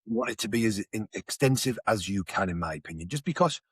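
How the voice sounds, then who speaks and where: Podcast co-host, low husky voice, quick slangy storytelling, dry close mic. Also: male voice, expressive, dry recording. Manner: fast, slangy, swears freely. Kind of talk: casual storytelling chat.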